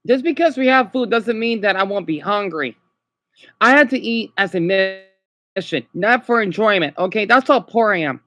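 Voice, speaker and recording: A man with a high, bright, sharp-edged voice rambles through an unscripted livestream from home. He is upset and worn out, stops and restarts often, and keeps asking "okay?". The sound is close and dry, with no room echo. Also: animated. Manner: halting, repeats himself, frequent "okay?" tags. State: upset and exhausted. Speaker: vlogger livestreaming.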